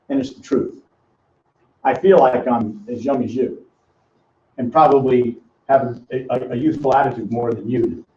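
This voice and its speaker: A man's voice: medium pitch, a little mellow. Teasing older man lecturing a room. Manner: teasing, quizzes audience by name. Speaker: financial educator. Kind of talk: live classroom seminar. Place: seminar room with small audience. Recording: roomy, distant, dull lo-fi sound.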